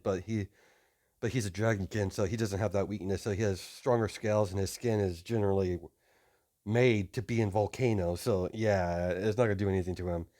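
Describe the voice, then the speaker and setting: A man's voice: on the low side, darkish tone. A man improvising a fan story narration, rambling and hesitant with many restarts.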